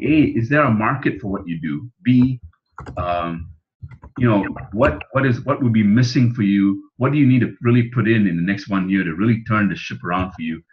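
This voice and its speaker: Man, earnest coaching host, a bit low. Dull lo-fi audio. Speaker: webinar host and speaker trainer. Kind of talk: webinar presentation.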